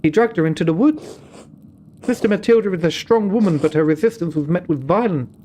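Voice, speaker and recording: A grave, solemn mother superior in a video game, warning in a measured British voice pitched well above a man's own, put on by a male streamer. The tone stays stern and careful throughout. A faint hiss sits under the recording. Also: animated, warm tone.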